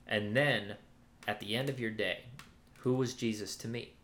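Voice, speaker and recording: A man's voice: on the low side, fairly even intonation, normal speed, fairly bright tone, slight background noise. A man giving a casual Bible teaching, talking conversationally with many fillers and restarts. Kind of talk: casual sermon-style teaching. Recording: roomy echoey room.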